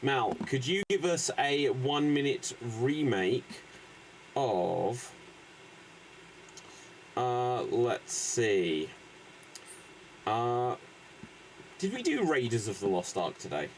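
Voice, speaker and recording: Slow-talking improv host. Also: male voice, medium pitch, very animated, a little hiss or hum, poor audio. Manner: slow, hesitant, lots of fillers. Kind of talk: livestream hosting. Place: small stream studio.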